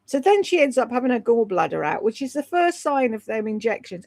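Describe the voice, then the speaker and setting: A woman's voice: a little high, big pitch swings, a little fast, hardly any pauses, a little mellow, dry recording. A woman hosting a livestream, gossiping bluntly, swearing freely and answering viewers' comments by name. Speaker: livestream host. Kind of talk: casual gossip chat reading viewer comments.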